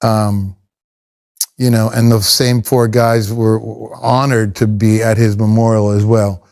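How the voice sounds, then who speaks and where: A middle-aged professional drummer recounts casual stories in an interview with a lowish, creaky, unhurried voice. His telling is animated yet meandering, with plenty of restarts.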